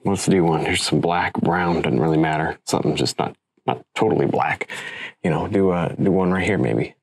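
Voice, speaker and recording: A man's voice: low voice, moderate pace, creaky, husky, no room sound. A man demonstrating oil painting, talking casually and thinking aloud as he works, encouraging the viewer. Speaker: painting instructor.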